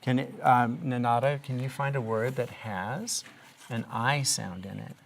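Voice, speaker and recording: A male teacher leading a reading lesson, speaking at an ordinary pitch with a gravelly edge. He asks patient, encouraging questions in a classroom, with a faint hiss in the recording. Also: a little slow.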